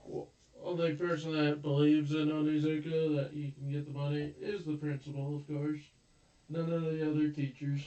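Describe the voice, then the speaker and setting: A man with a somewhat high, very flat voice, talking slowly and chipping in details in casual conversation. He sits away from the mic in an echoey room. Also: far from the mic, highs cut off. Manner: unhurried, flat, adds details and corrections. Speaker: podcast co-host. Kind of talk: casual chat.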